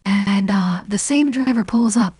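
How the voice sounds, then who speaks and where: A woman's voice: mid-range voice, unhurried, mellow, husky, no echo. A woman streamer chatting casually, rambling through a story with lots of fillers, restarts and swearing. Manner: swears freely.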